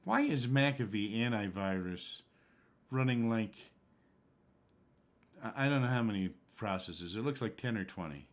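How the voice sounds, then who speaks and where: A man's voice: fairly low pitch, lively intonation, a little slow. A man streaming a game, chatting casually and rambling from one topic to the next. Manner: rambling, conversational. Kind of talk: casual live-stream chat.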